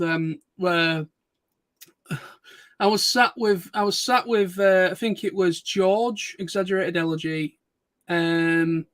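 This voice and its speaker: A man's voice: high-pitched, a bit bright, no echo, clean studio sound. A man streaming casual chat, telling rambling stories with restarts and laughter.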